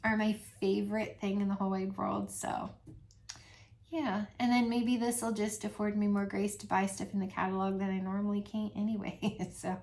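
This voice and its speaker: A middle-aged woman talking casually to her channel's viewers, soft-spoken, with many pauses and frequent little laughs. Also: medium pitch, little pitch movement. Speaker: channel host. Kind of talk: casual vlog chat to viewers.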